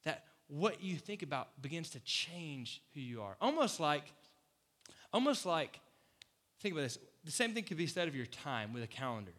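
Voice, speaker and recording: A man preaching a casual, conversational sermon as pastor, animated, acting out quoted voices and laughing often. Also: a little high, normal speed. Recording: long hall reverb.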